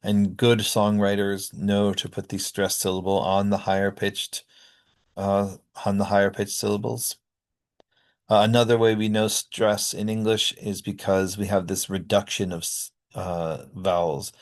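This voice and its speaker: Low-voiced man explaining phonetics. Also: flat delivery, measured pace. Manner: explanatory, frequent uh and um fillers. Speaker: linguistics lecturer. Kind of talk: recorded classroom lecture.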